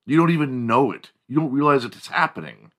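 A man hosting a podcast, telling a casual comedic monologue in a profane, animated way. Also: mid-range voice, fairly quick. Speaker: podcast host.

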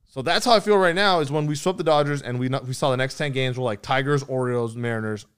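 A man's voice: mid-range voice, quick pace, smooth. Young dude on a sports podcast, swearing, goofing around with his buddies. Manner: crude, joking, slangy. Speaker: podcast co-host. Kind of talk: casual sports podcast banter.

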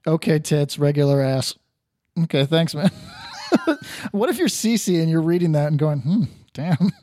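A man co-hosting a podcast in casual crude chat, reading reviews aloud with loud laughing bursts. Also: a little high, moderate pace, slight background noise. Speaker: podcast co-host.

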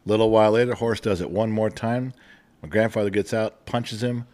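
A middle-aged man co-hosting a casual family podcast, teasing his family and telling long deadpan joke stories. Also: lowish voice, moderate pace. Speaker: podcast co-host, dad.

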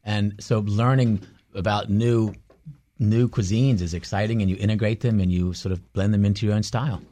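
A man's voice: lowish voice, steady tone, moderate pace, dark tone. A man, a chef and guest, speaking earnestly and enthusiastically about cooking.

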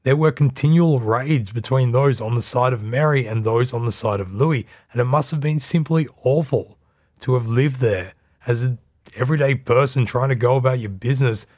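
A man narrates history for a podcast, his voice steady at a middle pitch. The telling is measured and scripted, with an occasional dry aside.

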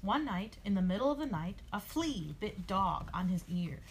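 A woman reading a children's picture book aloud to a small child at home, in an expressive sing-song storytelling manner. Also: mid-range voice, normal speed, a little hiss or hum.

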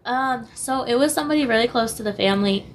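A young woman who is losing her voice speaks as a podcast guest in a candid personal interview, her fairly high voice worn hoarse. She talks hesitantly, with many pauses and restarts, and switches languages mid-sentence, while faint ambient noise sits beneath the recording.

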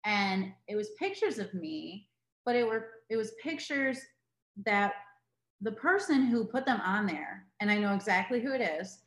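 A woman's voice: mid-range voice, animated, a little slow, fairly bright tone, reverberant. A young adult woman, a comedian guest, telling stories in casual podcast chat. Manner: storytelling, slips into silly voices.

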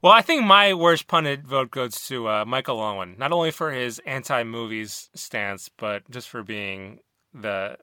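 Male host, bright edgy voice, dry close sound, deadpan humor. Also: mid-range voice, a little slow, smooth, no room sound. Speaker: podcast host. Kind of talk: casual chat.

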